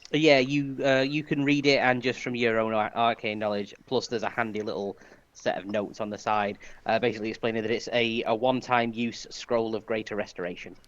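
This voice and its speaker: Male GM, laid-back narration, low pitch, dull audio. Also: fairly quick. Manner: relaxed, with many restarts. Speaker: game master. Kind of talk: narrating a tabletop game.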